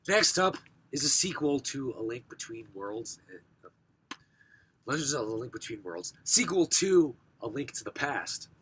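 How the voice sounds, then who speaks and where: A young man with a hoarse, rough voice from recent sickness, casually showing off his game collection, rambling and clearing his throat. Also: mid-range voice, big pitch swings, measured pace, a bit bright, slight background noise. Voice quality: rough, smoker-sounding voice. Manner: rambling, self-correcting, frequent throat clearing.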